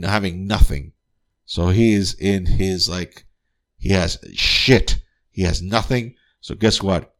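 Male podcast host, lowish voice, casual profane movie recap, eager and chatty. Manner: excitable, profane, keeps asking "guess what?". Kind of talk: casual spoiler-filled movie review.

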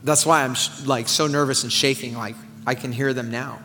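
A man quoting a frightened, hushed young woman. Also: mid-range voice, fairly even intonation, moderate pace, voice pushed down. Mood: fearful hushed. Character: frightened, troubled young woman, nervous and quiet. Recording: long hall reverb, faint music.

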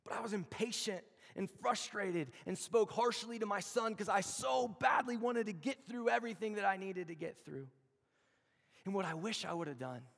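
Creaky-voiced man preaching in a hall. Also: high voice, a bit bright. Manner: storytelling, conversational, with slow emphatic phrases. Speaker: campus chapel speaker. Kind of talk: sermon. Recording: long hall reverb.

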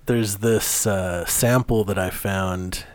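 A lowish American man riffs with his co-host on a podcast, cursing and laughing as he goes. His voice sits close to a dry mic with no room sound around it. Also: takes it slowly, dry recording. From United States. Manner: profane, laughing, animated banter. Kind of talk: casual podcast chat.

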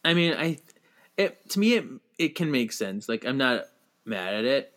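Animated man co-hosting a movie podcast. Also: medium pitch, moderate pace. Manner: animated, acts out lines in quoted voices, laughs a lot. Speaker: podcast co-host. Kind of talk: casual movie podcast chat.

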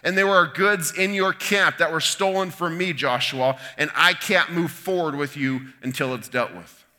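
A man's voice: a little high, moderate pace, bright, forceful tone, in a large hall. A man voicing God as a fed-up parent who sternly scolds. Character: fed-up divine father scolding his people.

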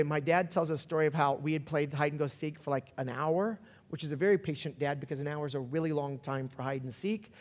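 Man preaching in a reverberant hall. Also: fairly high pitch. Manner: storytelling, varies pace, builds to shouts. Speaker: pastor. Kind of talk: sermon.

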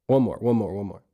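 A man preaching on his podcast, exhorting listeners and having them repeat phrases aloud while guiding slow breaths. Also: mid-range voice, dark tone. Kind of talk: podcast sermon with guided breathing.

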